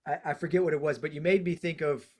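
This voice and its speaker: A man hosting a podcast, reflecting out loud in a casual, thinking-it-through way. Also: on the high side, fairly even intonation, fast talker. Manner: reflective, talks things through with casual fillers. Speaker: podcast host.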